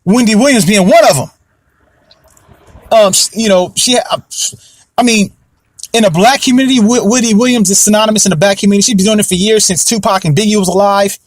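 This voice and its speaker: A young man hosts a casual commentary podcast in a high, brisk voice, recorded with clean studio sound and no room sound. He rambles, repeats himself, and often asks whether you know what he means.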